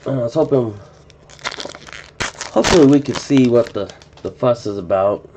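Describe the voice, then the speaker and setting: A man's voice: mid-range voice, moderate pace. A man hosting a card-breaking live stream, chatting casually and musing aloud as he goes, often restarting his sentences. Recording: dull lo-fi stream audio with faint noise.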